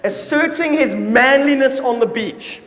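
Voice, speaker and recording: On stage in a large hall, a man performs stand-up comedy, telling stories animatedly with playful asides. His voice is extremely high and fairly bright, delivered at a measured pace. The recording is echoey, with live audience laughter.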